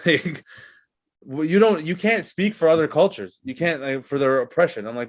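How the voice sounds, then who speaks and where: A man's voice: mid-range voice, normal speed, no room sound. A man from Canada, a comedian guest on a podcast, ranting in casual chat with heavy swearing. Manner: profane, ranting.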